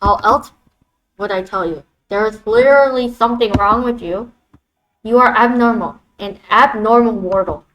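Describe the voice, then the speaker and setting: A woman's voice: fairly high pitch, moderate pace, fairly bright tone, dull audio, a little hiss or hum, natural voice. A woman reading as a blunt Grim Reaper.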